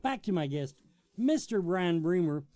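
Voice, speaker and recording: A man's voice: high-pitched, expressive, a little slow, warm tone. A man hosting an interview show, joking with his guest and reading event plugs. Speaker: talk show host. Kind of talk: casual interview and promo reads.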